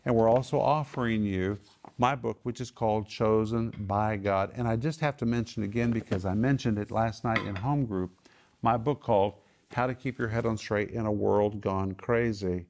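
A man's voice: lowish voice, steady tone, moderate pace, darkish tone. A man teaching the Bible to a small home group, emphatic and fond of repeating key phrases and quizzing his listeners. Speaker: Bible teacher and TV ministry host.

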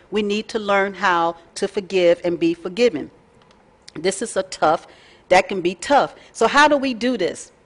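Chatty woman teaching a Bible lesson. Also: mid-range voice. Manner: folksy, chatty, lively with asides and laughs. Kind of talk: casual teaching talk.

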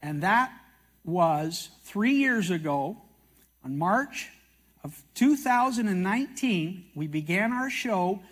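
Older man from canada, high-pitched voice, folksy sermon storytelling, self-mocking asides. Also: animated, slow pace, a bit bright. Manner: folksy, self-mocking anecdotes with acted quotes. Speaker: TV prophecy teacher speaking at a meeting.

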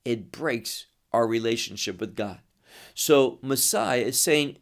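A man leading a verse-by-verse Bible teaching, talking slowly and deliberately. He lays out each phrase with pauses, in a plain mid-range voice. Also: medium pitch, expressive, gravelly. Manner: measured, explanatory, pausing between phrases.

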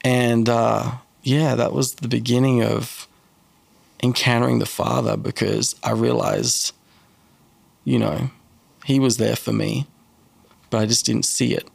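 Man, earnest halting testimony, gravelly, dead dry sound. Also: mid-range voice, flat delivery, dry recording. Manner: earnest, halting storytelling with many restarts. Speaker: guest telling his testimony. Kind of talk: personal testimony in an interview.

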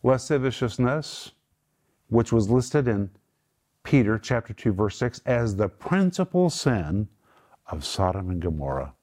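A middle-aged man leads a Bible teaching session as host. His voice sits on the low side. He preaches with earnest emphasis and explains word meanings slowly and patiently. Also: sing-song, darkish tone. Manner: earnest, emphatic preaching that moves into spoken prayer. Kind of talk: Bible teaching in a studio group discussion.

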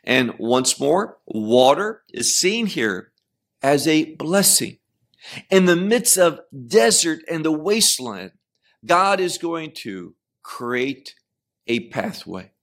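Slow, deliberate male Bible teacher. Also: fairly high pitch, big pitch swings, a bit bright. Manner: deliberate, often repeats and restarts words; explains Hebrew terms. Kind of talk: verse-by-verse scripture teaching.

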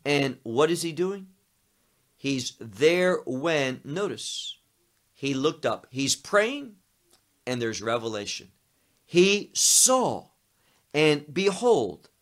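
A man preaching a sermon, teaching slowly and emphatically through a scripture passage, repeating key words and phrases. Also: on the high side, fairly bright tone. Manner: slow, emphatic teaching with Hebrew terms.

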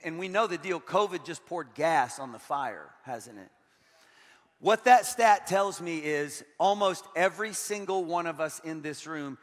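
A middle-aged man preaching as a guest pastor, lively and joking, turning earnest. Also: fairly high pitch. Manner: energetic and joking, switching to earnest. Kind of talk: sermon. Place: large church hall. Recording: long hall reverb.

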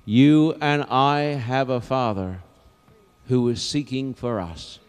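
Slow dramatic preacher man in an echoing hall. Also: mid-range voice, clear, resonant tone. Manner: dramatic storytelling, swinging from hushed to loud. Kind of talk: evangelistic sermon. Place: large auditorium. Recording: long auditorium reverb.

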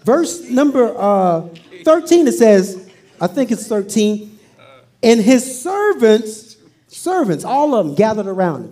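A woman's voice: a little high, big pitch swings, slow, dark tone. A woman pastor preaching a sermon, playfully acting out scripture with humor.

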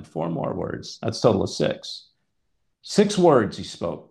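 A man's voice: mid-range voice, sing-song, measured pace, creaky, a little mellow. A man hosting a conversational Bible teaching, emphatic and at times exasperated as he reads scripture aloud. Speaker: host and preacher.

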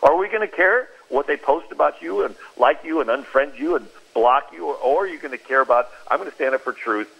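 A man speaking at a middling pitch with a slightly husky edge, telling stories on a Christian radio talk show. He livens his tales by acting out what people said. The sound is muffled and lo-fi, as if heard over radio. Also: brisk, few pauses. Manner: animated storyteller who acts out quoted speech.

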